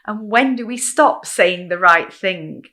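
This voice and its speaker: A woman's voice: mid-range voice, lively intonation, measured pace, sharp tone. A woman hosting a casual podcast interview, asking probing questions and affirming her guest. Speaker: podcast host.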